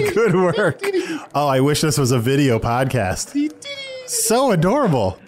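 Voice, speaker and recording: A man's voice: on the high side, huge pitch swings, a little slow, a crowd in the background. A man hosting a comedic improvised fantasy role-play podcast, talking in a playful, teasing way. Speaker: podcast host in character.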